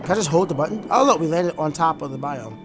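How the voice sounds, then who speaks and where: A man gives let's play commentary on a video game in a slightly high, chatty voice. He is excitable, bursts into shouts and half-sung lines when thrilled, and faint game music plays underneath. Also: quick pace. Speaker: gaming YouTuber.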